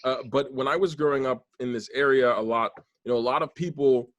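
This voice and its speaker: A man hosts a podcast in a casual, earnest way, circling back and restarting his sentences as he thinks aloud. His voice sits in a middle pitch. The recording is close and dry. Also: a little fast, no room sound, dull audio. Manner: earnest, rambling, many restarts. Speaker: podcast host.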